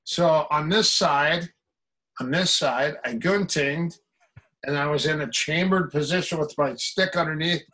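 Bright, lively man telling stories. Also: on the high side, measured pace, rough recording. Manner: lively storyteller who laughs often. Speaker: martial arts coach. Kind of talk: casual podcast storytelling.

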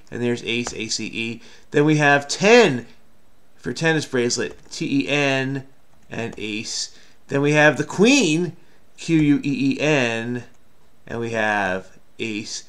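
A man's voice: mid-range voice, creaky, fairly bright tone, clean tone. A man hosting a crossword video, talking through his solve in a rambling, self-mocking, chatty way. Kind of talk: casual solo commentary while solving.

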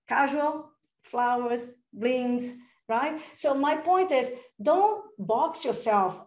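An energetic, enthusiastic woman speaking as a real estate coach on a podcast, acting out little dialogues as she talks. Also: fairly high pitch, measured pace, roomy sound. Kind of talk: casual interview talk.

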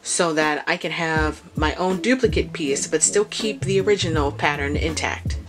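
A woman with a notably low voice walks through a sewing how-to in a relaxed, chatty way. She thinks aloud and restarts her sentences, and clearly audible mellow music plays under her talk. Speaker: sewing vlogger. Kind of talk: casual how-to explanation. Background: chill background music.

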